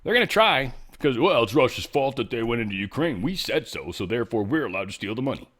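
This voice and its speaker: A man hosts a casual commentary show, riffing sarcastically on the news. His pitch jumps around animatedly, and he often trails off into quiet mumbled asides before getting loud again. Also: very animated, quick pace. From United States. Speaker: podcast host.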